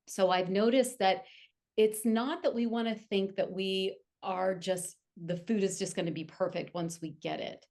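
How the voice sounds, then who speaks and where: A woman author talking candidly as an interview guest, telling personal stories in an animated way. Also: lowish voice, vocal fry. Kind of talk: casual interview chat.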